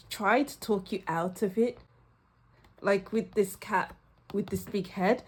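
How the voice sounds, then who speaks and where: A woman's voice: a little high, darkish tone. A woman giving a casual pick-a-card tarot reading, effusive and emotional, laughing often as she talks straight to the viewer. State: teary at times. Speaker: tarot reader.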